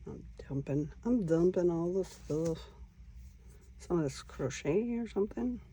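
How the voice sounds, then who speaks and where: A woman hosting a casual crafting vlog, talking quietly to herself as she works. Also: on the low side, expressive, a little slow, a little hiss or hum. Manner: quiet, mutters to herself while working. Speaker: crafting channel host.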